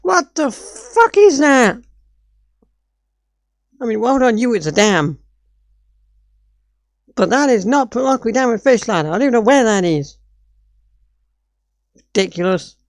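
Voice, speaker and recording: Exasperated sweary woman, gravelly. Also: fairly high pitch, animated, moderate pace, long pauses, darkish tone, dry recording, clean studio sound. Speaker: streamer. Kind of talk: live-stream reaction commentary.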